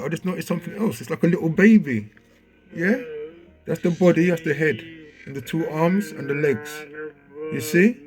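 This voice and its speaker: A man commenting casually over a video he plays, growing excited and checking in with the listener as he points things out. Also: a little high, normal speed, faint music behind. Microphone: handheld mic.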